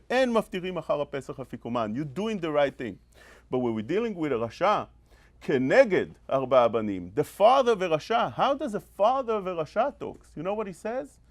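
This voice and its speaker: A male rabbi with a lively, high voice gives an animated sermon. He imitates scolding parents and rattles off Hebrew quotations at speed.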